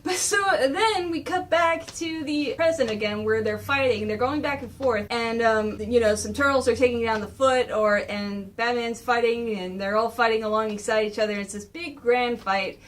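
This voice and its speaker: A woman casually recapping a comic, excitable and gushing, rambling as she goes. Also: on the high side, normal speed, hardly any pauses. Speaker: comic reviewer.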